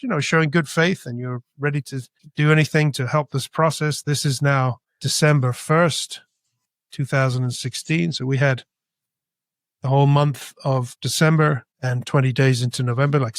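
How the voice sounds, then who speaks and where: A man's voice: on the high side, dry recording. A man born in Britain and raised in Spain, an artist telling his story as a guest and acting out dialogue. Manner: animated, acts out dialogue. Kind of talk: storytelling interview.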